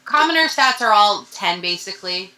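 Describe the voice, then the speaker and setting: A woman running a tabletop game as game master, narrating in a chatty, halting way and slipping into character voices. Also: medium pitch, animated, sharp tone.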